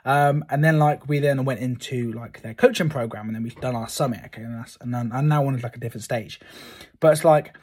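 A man's voice: medium pitch, fairly quick, a little mellow. A man, chatting to camera at home, rambling and filling his talk with "like". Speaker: host. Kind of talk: casual chat to camera. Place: room at home lined with books.

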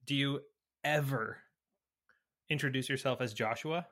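A man's voice: mid-range voice, unhurried, pushed and bright. A man co-hosting a podcast in casual chat, curious and pressing his point. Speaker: podcast co-host.

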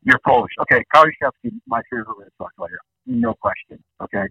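A man in his fifties, a guest calling in, telling rambling nostalgic stories in an animated way. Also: high voice, brisk, vocal fry, husky, no echo. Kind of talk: casual storytelling. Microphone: phone line. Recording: dull phone-call audio.

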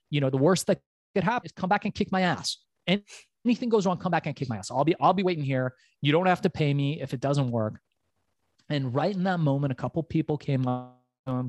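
Man telling a lively story, dry sound. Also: on the high side, no room sound. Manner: animated, swearing, acts out quoted voices. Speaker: podcast guest, entrepreneur. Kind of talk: storytelling in a podcast interview.

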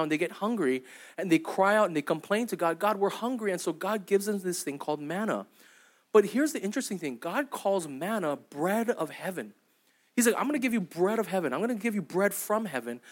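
A young adult man preaching a sermon as pastor, in a conversational, storytelling way that keeps checking in with "right?" and "okay?". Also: high voice. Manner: acts out quoted voices in anecdotes.

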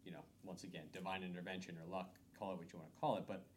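A man's voice: deep voice, level tone, rapid-fire, a little hiss or hum. A man hosting a podcast, reflecting thoughtfully in casual conversation. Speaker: podcast host.

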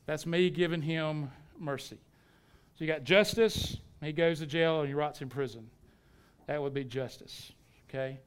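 Higher-pitched, smooth-voiced male preacher. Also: normal speed. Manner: preaches with rhetorical questions and sudden emphatic stresses. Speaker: pastor. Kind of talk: sermon.

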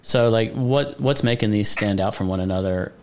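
A man with a lowish voice hosts a casual conversation. He asks halting questions, full of fillers and chuckles. His tone stays relaxed and conversational. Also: clean tone. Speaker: podcast host. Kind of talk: casual interview chat.

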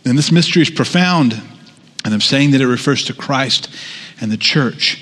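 A man's voice: medium pitch, lively intonation, moderate pace, a bit bright. Preaching man in a reverberant hall. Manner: conversational preaching with asides and restarts. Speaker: pastor. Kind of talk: sermon.

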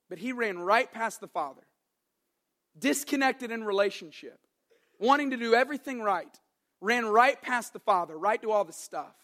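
A young adult man preaching a sermon as an animated, joking storyteller. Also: high voice, normal speed. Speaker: pastor.

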